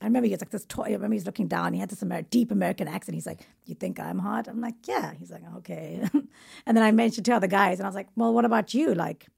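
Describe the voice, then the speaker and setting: Husky, gravelly woman telling a story. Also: mid-range voice, very fast, darkish tone. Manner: laughing, restarting her story. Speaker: comedian guest. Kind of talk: casual podcast chat, storytelling.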